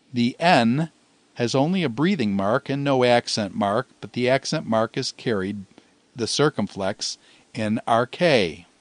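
A man's voice: mid-range voice, no room sound. A man teaching a lesson in a methodical way, explaining each point step by step. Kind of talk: recorded lecture.

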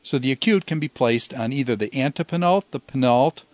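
A man's voice: mid-range voice, a little mellow, no echo. Patient man teaching, dry close sound. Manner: patient, slows down to sound out example words. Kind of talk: recorded language lesson.

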